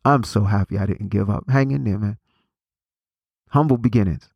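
A man's voice: fairly low pitch, normal speed, gravelly, darkish tone, husky, dry recording, highs cut off. A man in his forties giving a motivational talk, preachy in tone, repeating phrases and restarting his sentences. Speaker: motivational speaker.

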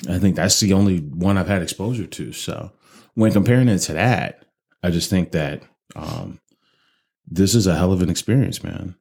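A man's voice: sits low, normal speed, vocal fry, darkish tone, breathy edge. A man co-hosting a podcast, chatting casually and loosely about whiskey, swearing freely and rambling with fillers. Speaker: podcast co-host reviewing whiskey. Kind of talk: casual chat.

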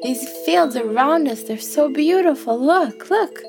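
A woman's voice: high voice, lively intonation, measured pace, vocal fry, pitched above the performer's own voice, full character voice. A woman voicing a playful, stubborn young female antelope in a musical bedtime story, bubbly and coaxing with whoops and giggles. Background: soft music with chimes.

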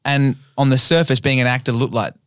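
A man's voice: medium pitch, level tone, a little fast, a bit bright, clear, resonant tone, no echo. A man, co-hosting a podcast as a comedian, talking candidly and rambling, swearing freely into a close studio mic. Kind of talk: casual chat.

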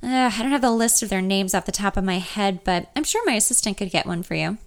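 A woman's voice: medium pitch, animated, fast talker, close to an everyday voice. A woman reading an audiobook, voicing a friendly male record publisher on the phone. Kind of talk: audiobook character voice.

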